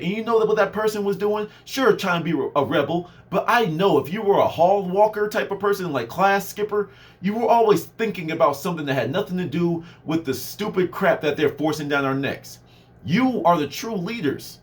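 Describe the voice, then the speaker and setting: A man with a high-pitched speaking voice rants to camera in a loose, casual monologue. He talks animatedly, jumping between loud and soft and slipping into quick impressions of other people. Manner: animated, swings pitch and loudness, mimics people. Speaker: vlogger.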